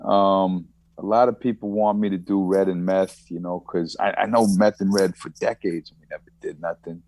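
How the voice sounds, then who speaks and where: Deep-voiced man with a Long Island accent. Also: steady tone, normal speed, darkish tone, dry recording. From United States. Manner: rambling, laughs often, repeats words. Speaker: guest rapper. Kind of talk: casual podcast conversation. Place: Germany.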